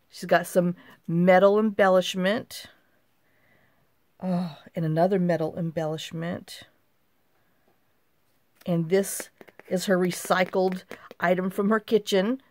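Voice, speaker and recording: Here the craft channel host, a middle-aged woman, sits on the low side, recorded without echo. Casually handling her handmade craft mail, she chats to herself and exclaims over every piece.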